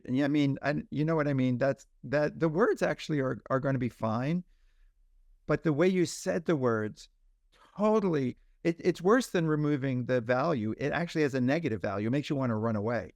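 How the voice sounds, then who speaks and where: A man who is a pediatrician, a guest on a podcast interview, explaining ideas in an animated way with examples. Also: medium pitch, fairly quick, no room sound.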